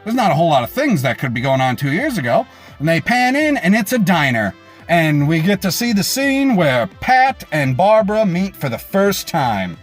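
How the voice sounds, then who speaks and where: A man hosting a reaction video, recapping an episode casually with swearing and lively pitch swings. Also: normal speed, faint music behind. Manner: animated, swings pitch for emphasis.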